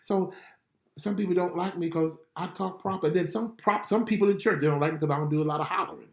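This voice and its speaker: A middle-aged man working as a spiritual life coach, gently praying and encouraging viewers on a live online stream. He talks in a conversational way, carefully enunciating his words like a former radio announcer. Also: high voice, fast talker, echoey room. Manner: gentle, conversational, reads viewer comments aloud.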